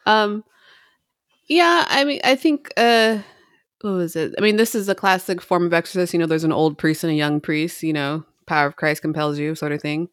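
A woman's voice: fairly low pitch, moderate pace, dry recording. Hesitant woman podcast co-host, dry sound. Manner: rambling, hesitant, many fillers. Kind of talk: casual chat.

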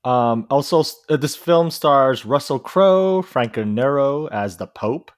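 Halting man hosting a casual podcast. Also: medium pitch, expressive, no echo, studio quality. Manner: halting, full of filler words and restarts. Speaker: podcast host.

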